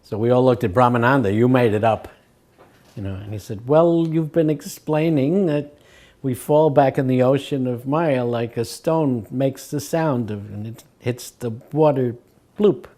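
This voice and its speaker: Older man telling stories, mellow voice. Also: medium pitch, measured pace. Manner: acts out quoted voices, chuckles between stories. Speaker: devotee recalling memories. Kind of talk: anecdotal storytelling.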